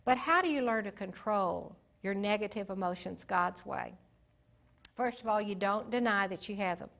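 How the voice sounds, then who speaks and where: A woman giving an informal Bible teaching in a folksy, emphatic way, swinging between soft and loud. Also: medium pitch, normal speed, vocal fry.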